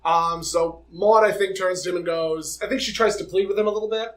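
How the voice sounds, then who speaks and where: A young man co-hosting a podcast, telling personal stories in a casual, animated way and acting out the voices of the people in them. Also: high-pitched, brisk. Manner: animated, dramatic storytelling with quoted dialogue. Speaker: podcast co-host. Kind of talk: casual chat.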